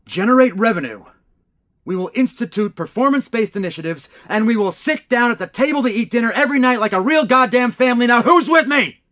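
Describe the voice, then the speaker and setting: A man's voice: extremely high pitch, lively intonation, quick pace, a bit bright. An actor playing a smug, newly evil male vampire who runs a detective office, giving pompous pep talks in a comic audio drama. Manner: pompous pep-talk delivery, mock-sincere.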